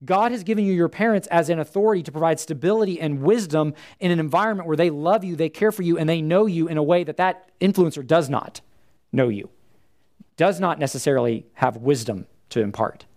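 A man's voice: a little high, a little fast, darkish tone. A man giving an earnest, conversational church teaching talk to a live group, with frequent fillers.

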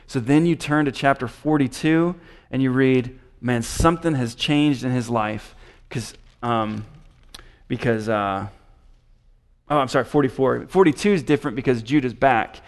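A man's voice: mid-range voice, moderate pace. A man teaching a Bible passage, reading scripture aloud and commenting on it with frequent restarts. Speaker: preacher.

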